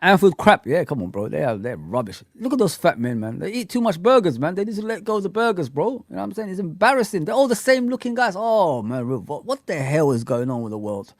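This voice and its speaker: A man's voice: sits high, sing-song, fast talker, few pauses, dry recording, clean studio sound. A man hosting a live football fan chat, ranting bluntly and animatedly with slang asides. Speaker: fan channel host.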